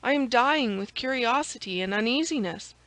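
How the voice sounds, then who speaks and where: A woman reading an audiobook, voicing a calm, phlegmatic male musketeer with a composed, commanding manner. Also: on the high side, moderate pace, poor audio.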